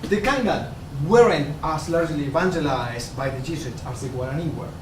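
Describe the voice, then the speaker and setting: A man playing a wry, knowing ancient god who lectures the others with gentle amusement, in a stage play. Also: on the high side, a little fast, distant mic, close to an everyday voice. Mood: amused. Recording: roomy stage, picked up from afar, noisy.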